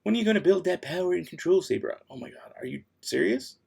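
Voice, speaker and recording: A young man hosts a casual livestream in a high, expressive voice that's gravelly, husky and a little mellow, talking at a quick pace. Tired and losing his voice, he reads viewer comments aloud while he works, laid-back but easily exasperated and mumbling as he goes.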